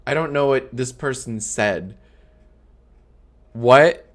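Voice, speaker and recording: A man in his thirties hosts a live stream, talking off the cuff and mocking what he reads aloud. He swears freely, slips into sarcasm and breaks into high-pitched laughter. His voice sits at an ordinary middle pitch. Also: slow. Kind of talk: casual live-stream chat.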